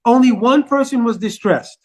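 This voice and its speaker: A man telling a devotional story to an audience in a lively way, asking his listeners questions. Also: very high-pitched, normal speed, low-quality recording.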